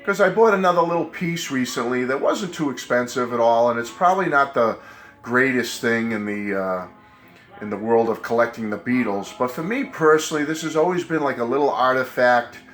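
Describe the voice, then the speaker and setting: Fifties New England man, recovering from a cold, mid-pitched, rambling collector chat, faint music behind. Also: fairly bright tone. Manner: rambling, enthusiastic, self-correcting. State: getting over a cold. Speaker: collector vlogger. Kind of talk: casual chat to camera.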